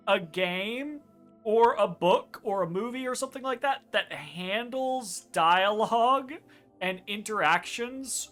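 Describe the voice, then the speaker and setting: A woman co-hosting a let's play, chatting casually with emphatic, animated delivery and some swearing. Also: medium pitch. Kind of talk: casual chat over gameplay.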